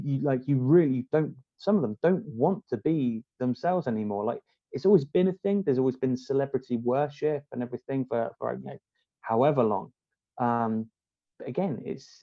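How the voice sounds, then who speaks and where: A man, a podcast guest, talking in a rambling, halting way with many restarts. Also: medium pitch, no echo, highs cut off. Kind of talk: casual conversation.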